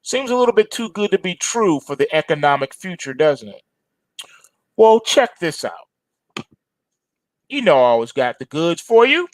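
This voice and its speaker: A man's voice: high-pitched, sing-song, normal speed, pauses often, no room sound. A man hosting a market commentary monologue, sardonic and emphatic, mocking as he goes.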